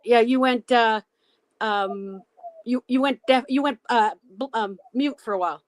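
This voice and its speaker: A woman's voice: a little high, unhurried, no room sound. A woman from Canada, a guest on a video-call interview, speaking hesitantly with many restarts.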